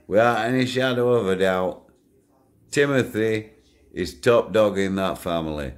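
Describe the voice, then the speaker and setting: Slow, blunt older man. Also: fairly low pitch. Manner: blunt, sweary, storytelling with chuckles. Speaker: channel owner. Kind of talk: casual rambling monologue to viewers.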